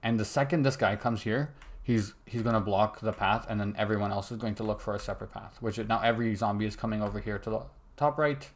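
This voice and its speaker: A man's voice: fairly low pitch, fast talker. A young man muttering to himself as he codes a game, cutting himself off mid-sentence, with keyboard clicks behind him. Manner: muttering to himself, self-interrupting. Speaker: game developer streaming his work. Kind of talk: casual live coding commentary. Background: keyboard typing and mouse clicks.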